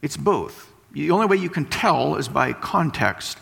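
A man's voice: fairly high pitch, animated, measured pace, gravelly, a bit bright, slightly rough. A man preaching a sermon, explaining and repeating points for emphasis. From West Texas. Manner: explanatory, emphatic teaching with repetition. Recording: long hall reverb.

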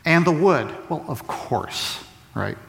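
A man's voice: a little high, lively intonation, slow, vocal fry, fairly bright tone. A man preaching a sermon, asking rhetorical questions and repeating key phrases for emphasis. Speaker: pastor. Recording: long reverb of a large hall.

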